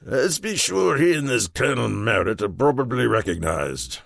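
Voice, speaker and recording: A man voicing a gruff, commanding aging British prime minister in an audiobook. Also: medium pitch, very animated, moderate pace, a bit bright, no room sound, studio quality, heavily acted.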